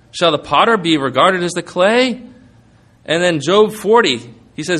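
A man's voice: a little high, expressive, normal speed, bright, forceful tone. A man preaching a sermon, earnest and emphatic, quoting scripture and asking rhetorical questions.

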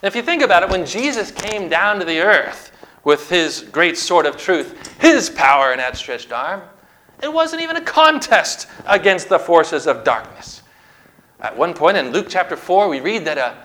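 A man preaching a sermon, retelling scripture stories with emphatic, dramatic delivery and slow stressed phrases. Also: fairly high pitch, expressive, sharp tone, low-quality recording. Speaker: pastor.

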